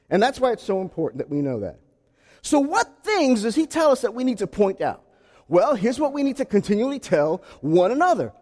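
Male pastor, sermon delivery, soft asides building to shouts, echoing church hall. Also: very high-pitched. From South Carolina. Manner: swings from hushed to shouting.

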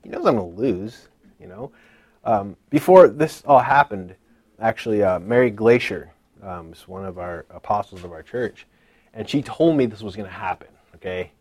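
A man's voice: on the low side, lively intonation, normal speed, a little mellow, breathy edge, no room sound. A man giving a personal church testimony in casual, earnest speech, laughing nervously now and then. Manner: earnest and emotional, with frequent nervous laughs and many fillers.

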